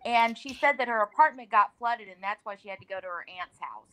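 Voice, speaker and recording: A woman's voice: on the high side, animated, brisk, fairly bright tone, rough recording. A woman calling in to a talk show and speaking earnestly. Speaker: caller. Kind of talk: call-in.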